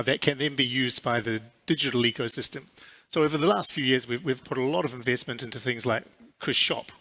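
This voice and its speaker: A man with a New Zealand accent answers interview questions in a measured, businesslike way, often pausing on fillers. His voice is bright and clear, pitched in a middle range. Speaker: airline CEO. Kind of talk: conference interview.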